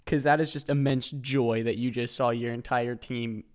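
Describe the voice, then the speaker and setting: Podcast co-host, mid-pitched and smooth, hesitant and filler-heavy. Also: steady tone, normal speed, a little mellow. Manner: hesitant, lots of restarts and "like". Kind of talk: casual sports chat.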